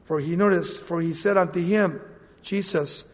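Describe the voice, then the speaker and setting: Man preaching, high voice, big echoey hall, acts out the quotes. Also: moderate pace. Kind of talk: sermon.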